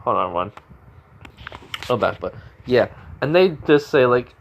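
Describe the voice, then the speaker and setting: A man tells a fan story in a loose, rambling way, circling back and restarting his sentences often. His voice sits at an ordinary middle pitch, and the telling feels offhand and unscripted. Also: expressive, a little slow, vocal fry, pauses often, lo-fi sound. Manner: rambling, full of fillers and restarts. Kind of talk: casual retelling of a fan story.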